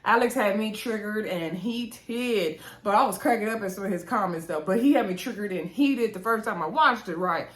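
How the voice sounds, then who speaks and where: A woman chatting casually to her viewers as she recaps a reality show, talking straight at them in a lively, animated way. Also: mid-range voice, moderate pace, few pauses. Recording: roomy echo.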